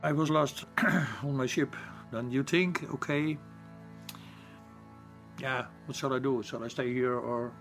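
Dutch-accented male captain, non-native English, halting delivery, faint music bed. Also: mid-range voice, fairly bright tone. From Netherlands. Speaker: ship captain. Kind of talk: interview recollection.

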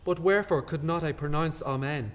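An actor playing a guilt-haunted nobleman in classical stage style, hushed and brooding. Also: fairly high pitch, a little fast, lightly acted. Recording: long hall reverb.

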